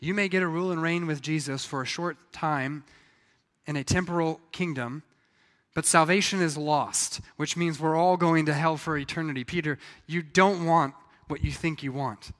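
The sound has a big-room quality as a pastor, his pitch fairly high and his pace moderate, preaches a sermon. He tells the story vividly, voicing each of its characters.

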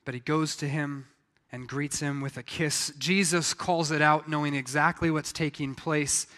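A man preaching a sermon, telling the story in a lively way and acting out the voices of the people in it. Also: fairly high pitch, moderate pace, long reverb tail. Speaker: pastor.

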